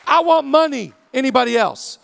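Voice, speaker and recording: A male pastor preaching a sermon with rhythmic repetition, swinging between shouted peaks and hushed stretches. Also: extremely high pitch, animated, normal speed, creaky, big-room sound. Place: church auditorium.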